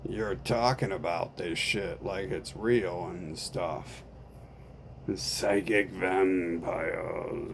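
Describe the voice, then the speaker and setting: A man's voice: low-pitched, gravelly, a little hiss or hum. A man delivering a rambling, profane, conspiratorial monologue straight to the camera.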